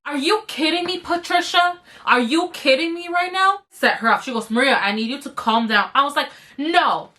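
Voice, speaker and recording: A young woman vlogger telling a workplace story while doing her makeup, animated and swearing freely, her throat slightly strained. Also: on the high side. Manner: animated, swearing, addresses viewers as you guys. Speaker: beauty vlogger.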